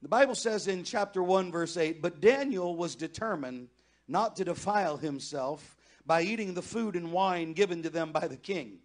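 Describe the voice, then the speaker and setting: High-voiced man preaching a sermon. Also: normal speed. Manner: builds from conversational to loud impassioned pleading. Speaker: pastor. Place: church sanctuary.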